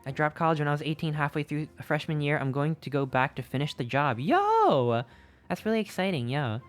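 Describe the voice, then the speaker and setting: A young adult streamer chatting casually with a live chat, upbeat and excitable, reading messages aloud. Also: medium pitch, fast, soft background music.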